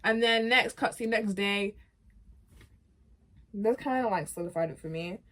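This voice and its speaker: A woman vlogger recaps a video game's story in loose, casual chat. Her voice sits at a middling pitch, and her emotional delivery swings between laughter and dismay as she keeps calling her viewers guys and bro. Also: moderate pace, fairly bright tone.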